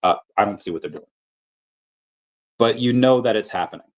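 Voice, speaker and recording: Casual male livestream host, lowish voice, loose and rambling, reads chat aloud. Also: normal speed, muffled recording. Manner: loose, rambling, lots of fillers and restarts; playful, drops into sung and silly voices reading comments.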